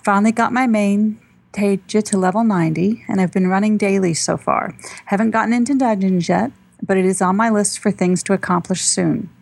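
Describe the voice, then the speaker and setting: Woman co-host, reading listener mail, gravelly voice, steady delivery. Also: medium pitch, brisk. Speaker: podcast co-host. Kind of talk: reading a listener email aloud.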